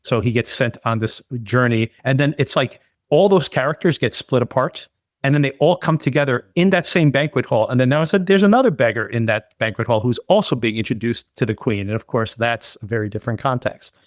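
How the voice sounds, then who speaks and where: A man's voice: mid-range voice, fairly quick, no room sound, clean studio sound. A man co-hosting a podcast, enthusiastically reviewing a film in casual chat, rambling with lots of fillers. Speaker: podcast co-host.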